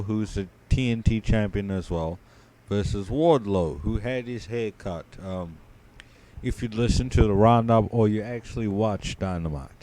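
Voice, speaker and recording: A sleepy man co-hosting a podcast, giving a drowsy, low-key play-by-play recap full of ums and uhs. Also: warm tone. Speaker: podcast co-host. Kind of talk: casual match recap.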